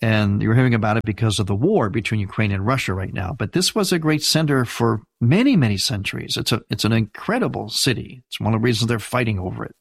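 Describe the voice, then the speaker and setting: Older husky-voiced man giving a church history lecture. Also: fairly low pitch, fast, few pauses, dry recording. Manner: conversational, explanatory, with asides to listeners. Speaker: Byzantine Catholic priest teaching church history.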